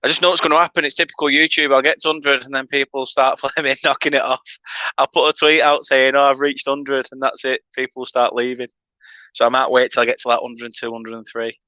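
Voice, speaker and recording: A man's voice: medium pitch, flat delivery, quick pace, bright, forceful tone, no echo. A man with a northern English accent hosting a casual football watchalong, chatting with viewers between play-by-play remarks. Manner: chatty banter with viewers, laughing asides. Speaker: fan channel host.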